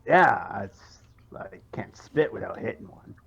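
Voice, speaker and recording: A cocky gnome adventurer who brags and flirts with a gravelly, husky rasp, as a man plays him for a tabletop game. He sounds a bit muffled over a dull, lo-fi mic. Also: lowish voice, lively intonation, a little slow, a bit bright, pitched below the performer's own voice, heavily acted. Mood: casual. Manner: smug, boastful, flirty. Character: cocky brash male gnome adventurer in plate armour.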